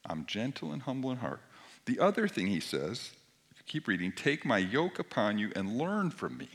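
A middle-aged man preaching a sermon, moving between soft near-whispered lines and forceful emphatic passages. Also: medium pitch, very animated, moderate pace. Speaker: pastor.

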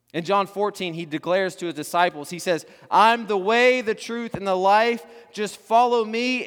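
High-voiced preacher in a reverberant hall. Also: male voice, smooth. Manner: rising to fervent emphasis, then dropping to soft hushed endings. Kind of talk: sermon.

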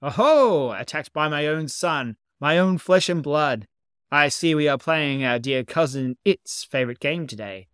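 A man voicing a flamboyant, sentimental older gentleman who speaks in grand, florid, old-fashioned phrases. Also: fairly high pitch, normal speed, clean tone, no echo, studio quality, pitched above the performer's own voice, close to an everyday voice. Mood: playful.

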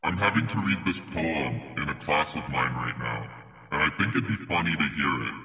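A man's voice: a bass voice, lively intonation, fairly quick, bright, forceful tone, in a large hall, a little hiss or hum. A man hosting a podcast in casual chat over a video call, playful and laughing often.

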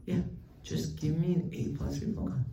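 A man's voice: on the high side, fairly even intonation, moderate pace, creaky, warm tone. A man voicing a demanding father who bargains with his son, coaxing and insistent, in his own everyday voice. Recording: roomy, distant mic, faint ambience.

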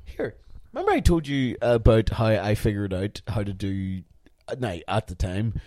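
A man's voice: fairly low pitch, sing-song, normal speed, darkish tone, dry recording. A man co-hosting a podcast in casual chat, rambling and swearing freely. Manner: rambling and profane, with frequent restarts. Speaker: podcast co-host.

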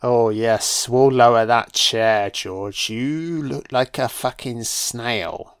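Brief: a cold, smug old banker, slow and sneering, as a man mocks him. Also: medium pitch, clean tone, no room sound, studio quality.

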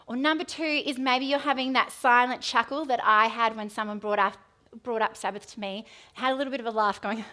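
Woman in her thirties, conversational preacher, slightly high voice, self-deprecating asides. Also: sharp tone. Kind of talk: sermon.

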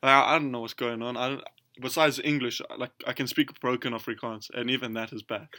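A man's voice: medium pitch, fairly even intonation, fairly quick, bright, forceful tone. A young man from South Africa, co-hosting a casual podcast, chatty and full of "you know" and "dude". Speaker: podcast co-host. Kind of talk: casual chat.

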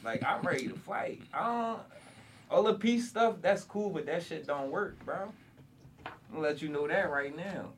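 A man's voice: a little high, normal speed, recorded from a distance, a little hiss or hum. A man talks in a blunt, fired-up way, full of slang and swearing. His voice sits a little back from the mic, as in a casual podcast. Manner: heated, blunt, slangy and profane. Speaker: podcast host. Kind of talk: casual interview chat.

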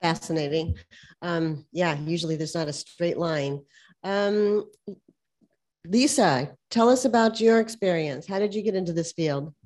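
A woman's voice: fairly low pitch, measured pace, darkish tone. A woman moderating a panel, giving brief, encouraging prompts to the speakers. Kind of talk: hosting a panel discussion.

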